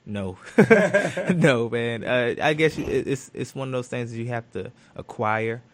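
A man's voice: medium pitch, lively intonation, measured pace, no room sound. A man, a professional football cornerback, answering questions in a studio interview, thoughtful and full of fillers and restarts.

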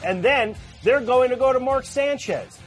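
A man co-hosting a sports talk show, giving loose, joking football predictions with quick asides. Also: extremely high pitch, animated, faint music behind. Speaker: football analyst.

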